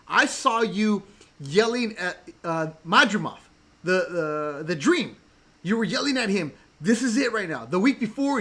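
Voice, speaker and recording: A man's voice: high-pitched, bright, forceful tone. A male host in a casual chat, laughing often and switching topics on the fly. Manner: chatty, laughs often, jumps between topics.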